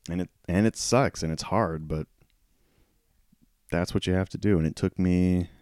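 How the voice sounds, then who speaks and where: A man with a very low, warm voice hosts a solo podcast, talking frankly and poking fun at himself. His voice is a little worn, and he keeps clearing his throat. The close mic sounds dry, with no room around it. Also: moderate pace, pauses often, dry recording. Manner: candid and self-deprecating, with frequent laughs. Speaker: podcast host. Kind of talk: casual solo podcast talk.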